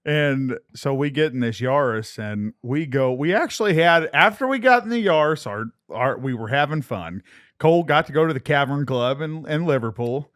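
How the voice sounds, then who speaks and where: A man's voice: on the high side, lively intonation, normal speed, a bit bright, dry recording, clean studio sound. A young man, a musician guest on a podcast, telling road stories in casual chat and laughing as he goes. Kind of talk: casual storytelling.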